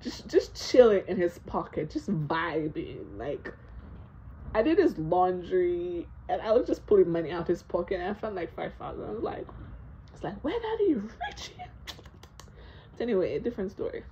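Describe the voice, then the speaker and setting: A young woman telling a storytime vlog, animated, laughing and swearing a lot, with plenty of fillers. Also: on the low side, moderate pace, dull audio, a little hiss or hum. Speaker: vlogger.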